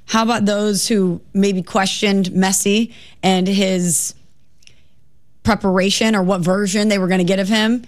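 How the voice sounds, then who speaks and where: A woman co-hosting a sports talk radio show, bantering with lively emphasis. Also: medium pitch, measured pace.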